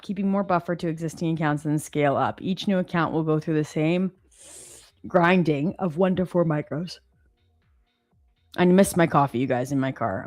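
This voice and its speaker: A woman's voice: low-pitched, no room sound, studio quality. A woman hosting a live trading stream, chatting casually, reading viewer comments and laughing often. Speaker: livestream host.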